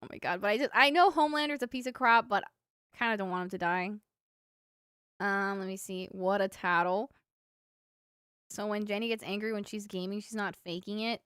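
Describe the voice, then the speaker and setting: A young woman from a Cuban family is livestreaming, rambling through childhood stories for her chat with plenty of fillers and laughing at her own tales. Her mid-range voice holds a steady tone at a moderate pace, fairly bright and clean, with frequent pauses. The recording is dry and studio quality.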